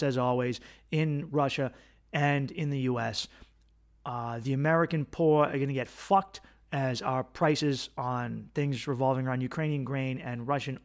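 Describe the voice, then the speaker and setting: Profane ranting man hosting a podcast. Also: on the high side. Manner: animated, profane, ranting with sarcastic asides. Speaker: podcast host, comedian. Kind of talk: casual opinionated monologue.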